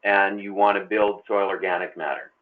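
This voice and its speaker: Deep-voiced male panelist, folksy, stammering restarts, tinny phone-like audio. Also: steady tone, normal speed. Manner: folksy, repeats words and restarts. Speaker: agronomy panelist. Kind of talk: webinar discussion. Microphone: video call. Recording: tinny phone-like call line.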